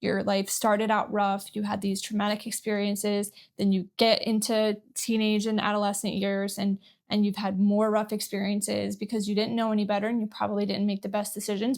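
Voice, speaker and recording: Gravelly-voiced woman vlogger talking candidly. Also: mid-range voice. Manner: candid, emotional, rambling with restarts. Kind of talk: personal talk to camera.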